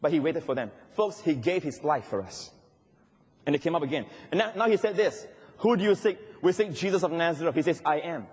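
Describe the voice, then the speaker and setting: A man's voice: on the high side, expressive, brisk, husky. A man preaching a sermon to a congregation, telling the story dramatically and calling out to his listeners. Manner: dramatic storytelling, addressing the congregation, shouting at peaks. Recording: long reverb of a large hall.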